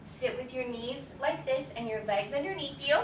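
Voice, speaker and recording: Woman, children's yoga teacher, high bright voice, slow and encouraging, echoey room, distant mic. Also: slight background noise. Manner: upbeat, encouraging, calls out poses with animal sounds.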